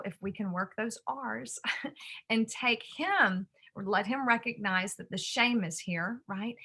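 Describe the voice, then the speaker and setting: A woman's voice: fairly high pitch, sharp tone, husky. A woman who hosts a parenting show and writes on parenting, telling a personal story in an earnest, reflective way. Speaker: parenting author and podcast host.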